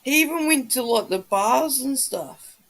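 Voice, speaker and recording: A woman's voice: high voice, expressive, a little slow, vocal fry, fairly bright tone, low-quality recording. A woman hosting a casual livestream, chatting with viewers and reading the chat, swearing freely as she talks. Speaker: livestream host.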